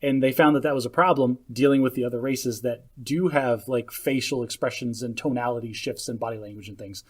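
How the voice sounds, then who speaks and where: A man's voice: medium pitch, fairly even intonation, a little fast. A man co-hosting a podcast in casual chat, blunt and wry. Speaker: podcast co-host.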